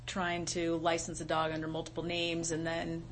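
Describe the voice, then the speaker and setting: A woman from county staff explaining a rule at a public meeting, measured and full of ums. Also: deep voice, monotone, a little hiss or hum, rough recording. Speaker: county animal services staff.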